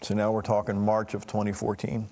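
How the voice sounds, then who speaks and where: A middle-aged man telling a personal family story in a halting, emotional way, with frequent restarts. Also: lowish voice, monotone, warm tone, big-room sound. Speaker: talk show host.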